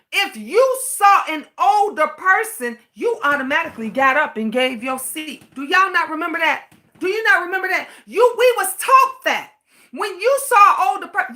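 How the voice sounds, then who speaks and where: With a very high-pitched, bright and forceful voice, a middle-aged livestream host rants passionately. She swears freely, circles back over the same points, and reads out comments from her viewers.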